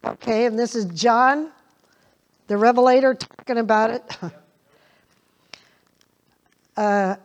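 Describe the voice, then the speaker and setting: A woman's voice: on the high side, slow, long pauses, lo-fi sound. An older woman preaching a sermon in a folksy way, chuckling often and repeating scripture lines with emphasis.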